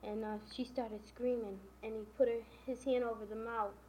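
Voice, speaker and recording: This woman's slightly high, mellow voice stays flat at a normal speed as she casually relates a novel's story, tying events together with "and then" and "you know." A faint hiss runs through the dull lo-fi audio.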